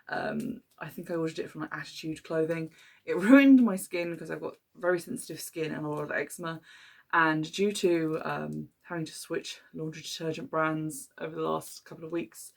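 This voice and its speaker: A woman talks her way through an unboxing in an easy, hesitant chat, giving frank opinions as she goes. Her voice sits low, with a gravelly fry running through it. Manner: chatty, hesitant with many ums, mildly critical. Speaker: podcast host unboxing a subscription box.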